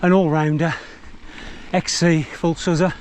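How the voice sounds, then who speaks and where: A man's voice: on the high side, level tone, measured pace, darkish tone, slight background noise. A man giving chatty, meandering commentary outdoors while out riding and reviewing a mountain bike. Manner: chatty, meandering, self-deprecating. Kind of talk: rambling ride commentary. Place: outdoors on countryside trails.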